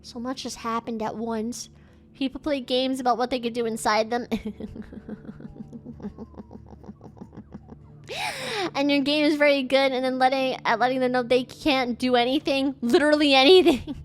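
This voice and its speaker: Woman streamer; high, animated, bubbly; clear game music underneath. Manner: bubbly, excitable, thanks donors in quick bursts. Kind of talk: casual gameplay livestream.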